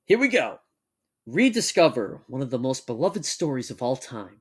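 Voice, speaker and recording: A young man co-hosting a casual chat, joking and laughing often, and reading text aloud at a measured pace. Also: mid-range voice, very animated, breathy edge. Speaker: podcast co-host.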